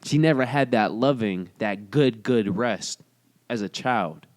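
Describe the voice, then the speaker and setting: A man's voice: mid-range voice, a little slow, dry recording, studio quality. A man co-hosting a casual podcast, explaining a topic earnestly with frequent restarts. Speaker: podcast co-host. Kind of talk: casual chat.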